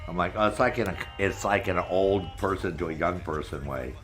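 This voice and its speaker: A man's voice: low voice, fairly quick, fairly bright tone, soft background music. A middle-aged man hosting a casual chat with viewers, telling rambling stories full of swearing. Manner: profane, rambling storyteller. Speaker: streamer host. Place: Maine, United States.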